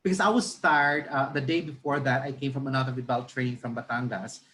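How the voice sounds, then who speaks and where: A man's voice: mid-range voice, steady tone, a little fast, a bit bright, a little hiss or hum, low-quality recording. A middle-aged man with a Filipino accent, telling a story in a conversational way during a teacher training session, with frequent self-corrections and a mix of English and Tagalog.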